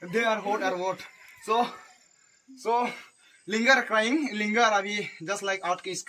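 High-voiced man teaching in broken English. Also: bright, forceful tone, slight background noise. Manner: broken English mixed with Hindi, halting, repeats words. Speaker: comic playing a teacher. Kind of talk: improvised comedy skit.

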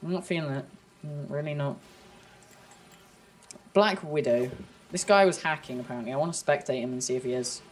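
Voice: medium pitch, fairly quick, long pauses, a little hiss or hum. A gamer chatting casually during play with a friend, playful and teasing, often laughing. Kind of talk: casual gameplay chat.

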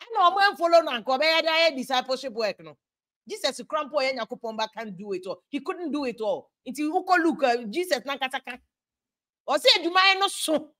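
A woman with a Ghanaian accent holds forth on politics in a passionate, preachy monologue, hopping between Twi and English. Her voice sits high and rings bright and sharp. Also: expressive, moderate pace. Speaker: political commentator.

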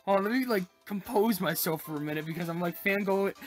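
A woman's voice: mid-range voice, quick pace, hardly any pauses. Girl playing a phone game, chatty and gushy, voice jumps all over, music under. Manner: chatty, excitable, gushing over cute details. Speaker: gaming channel host. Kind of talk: casual let's-play commentary.

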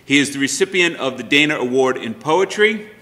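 A man's voice: mid-range voice, lively intonation, fairly quick, pushed and bright. A man as emcee, giving instructions and reading poet bios, hesitant at first with fillers and restarts. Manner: hesitant, with many fillers and restarts, then reading a bio list. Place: library room with long reverb. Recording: reverberant hall.

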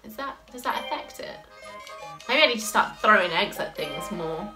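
A woman's voice: mid-range voice, expressive, moderate pace, music in the background, low-quality recording. A woman chatting casually through a gameplay video, reading game text aloud and laughing often.

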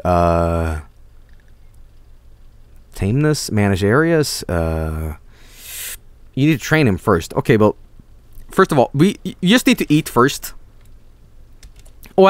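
Excitable man yelling at a video game. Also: lowish voice, a little slow, long pauses, no echo. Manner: excitable, swears, yells at game characters. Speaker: streamer. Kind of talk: gaming livestream commentary.

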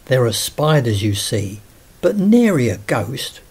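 Brief: man reading as a greedy gushing lord, storybook, slow and husky. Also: medium pitch, big pitch swings, a little mellow, exaggerated voice. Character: greedy, pompous lord, a collector.

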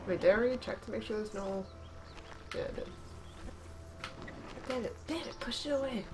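A woman's voice: on the high side, normal speed, background noise. Sarcastic woman commentating a game. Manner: sarcastic, talks to the game, laughs and yelps often. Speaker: gameplay commentator. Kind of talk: casual let's-play commentary.

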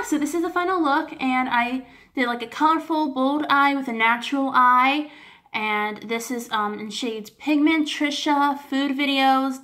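A woman beauty vlogger swatching makeup for her viewers, gushing and giddy, often apologizing for her technique and dropping into soft whispers. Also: sits high. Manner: gushing, giddy, keeps addressing viewers as guys. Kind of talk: casual makeup swatch review.

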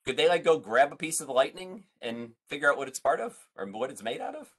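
Teaching a playful online science session for families, this male museum educator keeps asking his audience questions. His voice is fairly high, a bit bright, expressive and fast.

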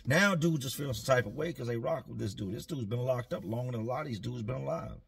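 Laid-back male storyteller, husky voice, slangy and dry. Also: medium pitch, fast. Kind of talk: casual storytelling.

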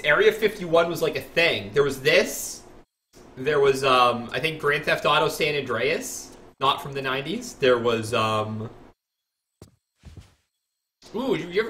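A man livestreaming a video game in casual, rambling commentary that breaks into bursts of loud laughter. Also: on the high side, slight background noise. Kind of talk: casual let's-play commentary. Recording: echoey room, voice far from the mic.

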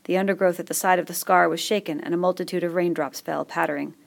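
An audiobook reader with a deep, gravelly, creaky voice reads a novel aloud. She narrates from a script at a steady, measured pace suited to listeners.

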